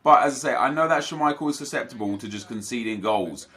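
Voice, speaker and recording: A young man recaps his video game football matches for his viewers in a casual, upbeat way. His voice is bright and forward at an ordinary male pitch. He speaks like a regular gaming creator talking to his audience. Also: fairly quick. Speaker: gaming YouTuber. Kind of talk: casual gameplay commentary.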